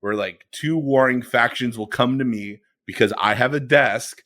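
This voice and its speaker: A man co-hosting a podcast, telling a story in a casual, animated way and laughing along. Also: mid-range voice, moderate pace. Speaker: podcast co-host.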